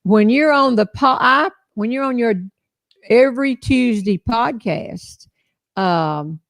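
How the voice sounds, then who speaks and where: A woman's voice: fairly high pitch, animated, takes it slowly, dry recording. Older lady hosting a live chat, folksy and jokey, dry close sound. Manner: folksy, joking storyteller. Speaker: host. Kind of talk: casual live-stream chat.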